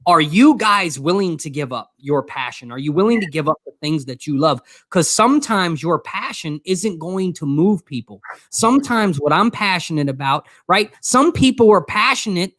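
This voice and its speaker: A man's voice: high voice, expressive, moderate pace, hardly any pauses, a bit bright, no room sound, studio quality. A man co-hosting a casual motivational talk show, talking earnestly with many restarts and stumbles. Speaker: show co-host.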